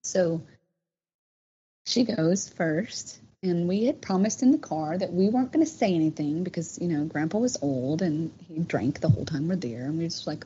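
Low-voiced woman telling a story. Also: normal speed. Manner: animated, many fillers. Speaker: guest telling a personal story. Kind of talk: casual storytelling. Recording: dull, slightly noisy sound.

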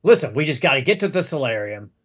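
A man's voice: medium pitch, very animated, fast, slightly rough. A man voicing a young injured monk who is fed up, agitated and swears in a tabletop game.

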